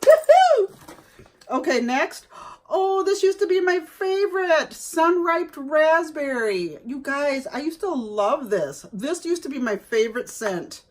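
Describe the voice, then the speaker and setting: Slow-talking, lively woman vlogger. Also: sits high. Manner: chatty, exclaims over each item. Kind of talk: casual unboxing chat.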